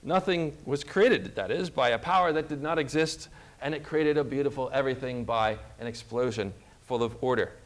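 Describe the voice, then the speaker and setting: A man's voice: medium pitch, moderate pace. A man preaching a sermon, emphatic, putting questions to his listeners and reading scripture aloud.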